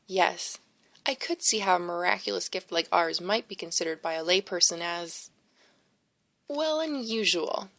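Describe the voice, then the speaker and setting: A woman reading a first-person novel aloud as an audiobook narrator, steady and expressive, close to the mic. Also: fairly low pitch, unhurried, vocal fry, no echo. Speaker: audiobook reader.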